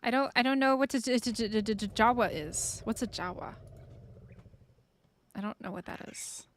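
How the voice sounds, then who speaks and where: A woman's voice: a little high, moderate pace. A woman streaming a survival game, chatting playfully with her viewers and laughing often. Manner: playful, giggly, chats with viewers. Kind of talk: casual live-stream chat.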